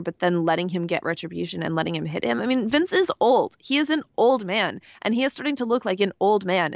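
A woman's voice: mid-range voice, dry recording, dull audio. A woman co-hosting a podcast, chatting in a rambling way with lots of fillers. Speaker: podcast co-host. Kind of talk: casual wrestling podcast chat.

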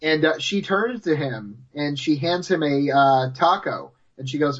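A man's voice: a little high, animated, unhurried, fairly bright tone, husky, highs cut off. A man co-hosting a podcast in easygoing chat, often chiming in with short agreements. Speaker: podcast co-host.

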